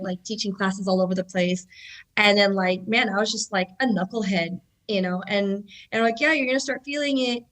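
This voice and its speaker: Woman in her 30s talking jiu jitsu on a podcast, lots of "like", animated, mid pitch. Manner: animated storyteller, many fillers like "like". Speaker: guest, jiu-jitsu black belt and instructor. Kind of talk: casual podcast conversation.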